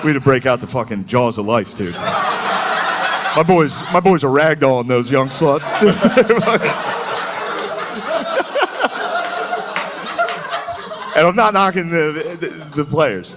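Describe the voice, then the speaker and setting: A man's voice: mid-range voice, expressive, normal speed. A man doing a stand-up comedy set, crude and profane, laughing his way through his lines. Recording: noisy recording.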